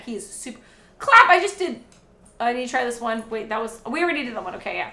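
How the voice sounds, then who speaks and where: A woman's voice: fairly high pitch, big pitch swings, fast talker, bright, forceful tone. A woman in her thirties chatting casually with her stream while cooking at home, rambling and swearing freely. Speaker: live streamer and mother. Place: home kitchen. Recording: echoey room.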